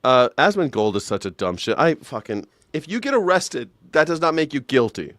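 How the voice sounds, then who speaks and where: A man's voice: mid-range voice, sing-song, normal speed, a bit bright, no echo. Profane male host in a sarcastic rant, dry close sound. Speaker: live show host. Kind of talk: ranting reaction commentary.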